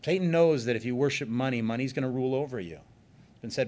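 A male pastor giving an earnest sermon, slowing down to stress key points. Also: medium pitch, darkish tone. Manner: earnest, emphatic preaching with slowed stresses.

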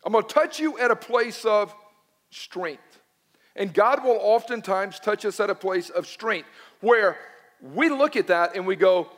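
A middle-aged man preaches, telling his own story with dramatic swings from near-whispers to shouts. His voice sits high for a man. The sound carries the long reverb of a large hall. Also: expressive, unhurried. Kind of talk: sermon.

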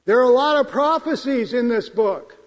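A man preaching a sermon in a church, quoting scripture in a measured, emphatic way. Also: very high voice. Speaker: pastor. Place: church sanctuary. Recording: long hall reverb.

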